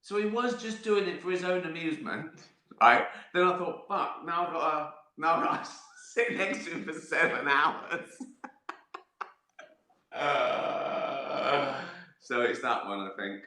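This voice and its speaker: A middle-aged man hosts a livestream, answering viewer questions in casual chat, his voice a little high, bright and forceful, with a reverberant sound. He speaks expressively and a little slowly, rambling, swearing and laughing at his own stories.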